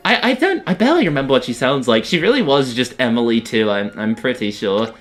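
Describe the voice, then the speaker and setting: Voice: mid-range voice, big pitch swings, a little fast, faint music behind. A streamer giving giggly, chatty live commentary. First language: not American.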